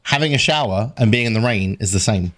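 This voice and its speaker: A man's voice: fairly low pitch, lively intonation, brisk, a bit bright. A man chatting on a podcast who tells stories with animation and acts out the people he quotes. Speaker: co-host. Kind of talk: casual podcast chat.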